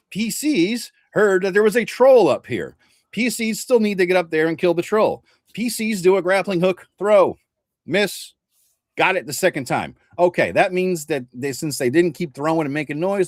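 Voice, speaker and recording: A middle-aged man chats casually as a game master, sharing a story with lots of profanity and animated quoted voices. His voice sits a little high, and the recording is dry with no room sound. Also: no room sound. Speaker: game master and show regular. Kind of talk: casual chat.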